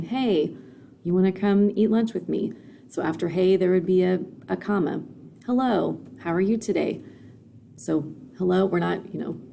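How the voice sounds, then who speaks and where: Woman teacher, recorded grammar lesson, gravelly, dark mellow tone, patient, faint background hiss. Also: fairly low pitch. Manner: patient, explanatory, frequent fillers and "okay?" checks.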